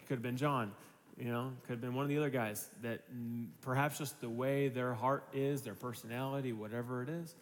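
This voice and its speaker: A man's voice: mid-range voice, big-room sound, slight background noise. A man in his thirties preaching a sermon as pastor, casual and conversational, slipping into voices for the people in his story.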